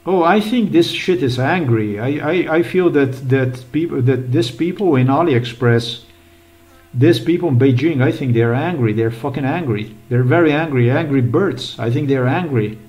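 Man, middle-pitched, agitated rambling vlog commentary with frequent swearing. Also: normal speed, darkish tone, low-quality recording. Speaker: vlogger. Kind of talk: rambling screen-recorded commentary.

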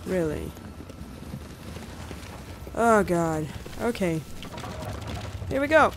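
Brief: woman gamer, slow-talking, lively swings in pitch, swears loud at every setback, game music underneath. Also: background noise. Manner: loud, swearing, exasperated outbursts. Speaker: gamer playing a story game. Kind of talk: profane let's-play commentary. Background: game music and gunfire.

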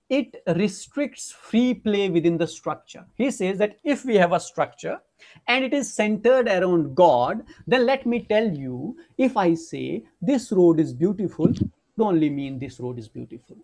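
A woman teaches an academic webinar over an online microphone. Her voice sits at a mid-range pitch. She explains point by point, with frequent "you know" fillers. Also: animated, unhurried, a little mellow. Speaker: lecturer.

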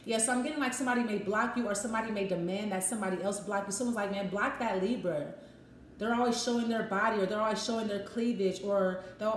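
A woman doing a casual tarot reading, thinking aloud and acting out short quoted voices. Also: fairly high pitch. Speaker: tarot reader. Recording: echoey room with faint noise.

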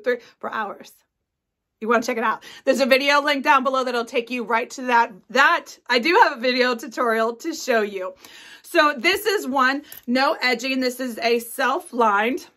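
A woman in her forties, with a high voice and a sharp tone, hosts a craft video from home. She chats enthusiastically about her sewing projects in a casual show-and-tell style, full of ums and asides.

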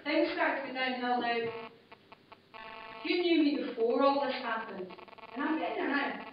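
A woman's voice: a little high, very echoey, slight background noise. A woman from the UK, a paramedic, giving a personal testimony talk at a conference, speaking bluntly in short clipped phrases. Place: conference hall. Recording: distant, muffled room recording from a basic MP3 player.

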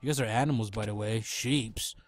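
A man's voice: fairly low pitch, brisk. Goofy rambling young man gaming. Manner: rambling, goofy, makes silly animal noises. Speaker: let's play gamer. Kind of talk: casual gameplay commentary.

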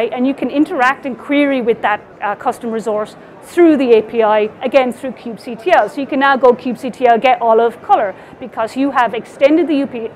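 An Irish woman with a high, light voice walks through a technical topic at a conference, talking to her slides. She explains things casually, with fillers and small restarts as she goes. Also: a little hiss or hum. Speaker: conference speaker.

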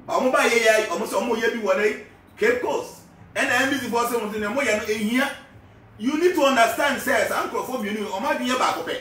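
A man's voice: high voice, a bit bright. A Ghanaian man hosting a live show, giving casual political commentary, switching between Twi and English and asking rhetorical questions. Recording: echoey, far from the mic, faint background noise.

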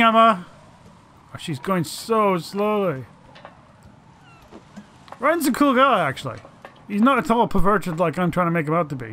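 A man's voice: high voice, a bit bright, slight background noise. A man doing let's play commentary, swearing and mock-dramatically teasing the game's characters.

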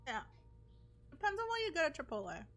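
A woman streaming a game, excitable and playfully dramatic, who breaks into mock wailing. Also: sits high, fairly quick. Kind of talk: casual gameplay commentary. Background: music.

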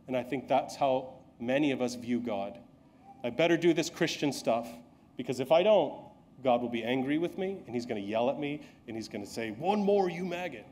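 A man's voice: medium pitch, darkish tone, a little hiss or hum. A male pastor preaching a sermon in a conversational, self-deprecating storytelling way, acting out the lines of people he quotes.

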